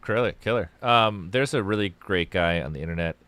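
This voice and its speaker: A man's voice: low voice, a little fast, fairly bright tone, clear, resonant tone, no echo. A man hosting a casual call-in livestream show, rambling and swearing as he tells stories. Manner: rambling, profane, storytelling. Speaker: podcast host taking calls.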